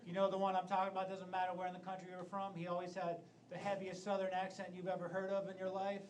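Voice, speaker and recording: High-voiced man doing stand-up. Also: completely flat delivery, fast talker. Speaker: stand-up comedian. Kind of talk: stand-up comedy set. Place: comedy club stage. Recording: noisy live club recording.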